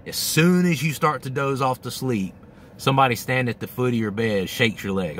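A man's voice: mid-range voice, moderate pace, fairly bright tone, slight background noise. A man hosting a candid, casual monologue, swearing freely and acting out his own thoughts, middle-aged. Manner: candid, profane, acts out his own inner voice. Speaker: host.

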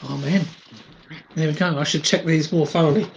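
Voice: medium pitch, quick pace, highs cut off, slight background noise. A prayer leader opening midday church prayers in a casual, laughing manner with many fillers, and reading hymn verses. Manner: laughs often, relaxed, friendly filler-heavy talk. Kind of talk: casual chat and leading prayers.

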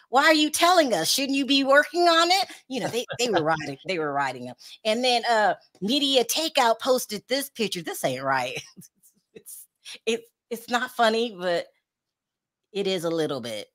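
A woman hosting a casual celebrity gossip show, chatty and animated, reading out viewer comments and scolding in drawn-out repeats. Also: medium pitch.

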